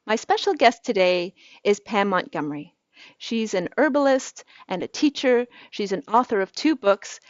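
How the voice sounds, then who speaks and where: A woman's voice: mid-range voice, no room sound. A woman hosting an interview show, introducing her guest and asking questions in an encouraging way. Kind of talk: hosted interview. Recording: dry, dull lo-fi sound.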